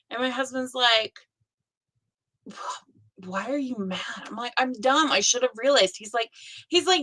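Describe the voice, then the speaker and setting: A woman's voice: a little high, a little slow, bright, forceful tone, poor audio. A middle-aged woman hosting a live stream about a stitching challenge, chatting casually and rambling with self-deprecating asides.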